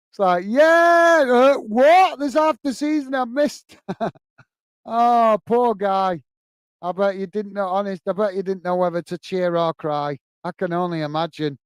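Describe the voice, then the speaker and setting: Laughing often, an English man hosts a live football watch-along from home, commentating on the game and chatting with viewers. His voice is high-pitched and clean, recorded dry.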